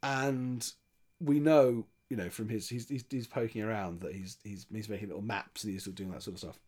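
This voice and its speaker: A man's voice: on the low side, steady tone, fairly quick, a little mellow. A man chatting casually, retelling a film's plot with many restarts and quoted lines. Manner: chatty, rambling, with frequent restarts and voiced quotes. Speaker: podcast film reviewer.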